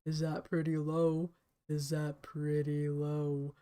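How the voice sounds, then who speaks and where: A mellow surfer stoner dude, as a woman puts him on, drawls along in a low voice that barely rises or falls. He talks slowly and hesitantly, as if in no hurry to get anywhere. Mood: drowsy. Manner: slow, flat, unsure drawl.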